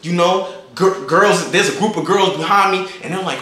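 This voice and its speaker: Young male vlogger, high bright voice, slangy and animated storyteller, echoey room. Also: normal speed, few pauses. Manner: animated, slangy, acts out his own lines. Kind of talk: storytime vlog. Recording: echoey room, faint noise.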